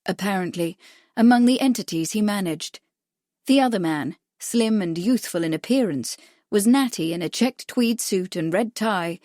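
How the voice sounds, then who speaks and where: A woman narrating a cozy mystery audiobook in a measured, even storytelling voice. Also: medium pitch, dry recording, clean studio sound. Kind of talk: scripted narration.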